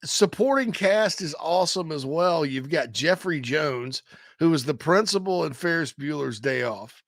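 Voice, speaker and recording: Animated man with a gravelly voice. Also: fairly high pitch, normal speed, no echo, clean studio sound. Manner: animated, bursts into loud movie-quote impressions. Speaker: podcast co-host. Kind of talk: casual sports podcast chat.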